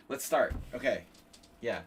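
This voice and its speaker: Heard through a distant mic with some hiss or hum, this man has a mid-range, nasal voice. He's a chess streamer hosting a tournament, giving casual livestream commentary as he plays, rambling, joking with chat between moves, and making self-deprecating remarks.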